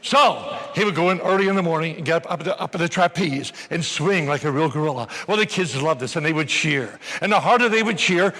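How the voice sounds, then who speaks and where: An older man giving an energetic, joking motivational seminar talk to a live audience in a large hall, bursting into shouts as he tells stories. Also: sits high. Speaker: motivational speaker.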